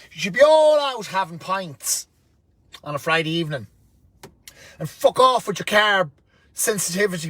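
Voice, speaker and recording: A man's voice: fairly high pitch, a bit bright, dry recording. A man, ranting bluntly and profanely to camera from inside a van. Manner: blunt, sweary and rambling. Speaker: vlogger.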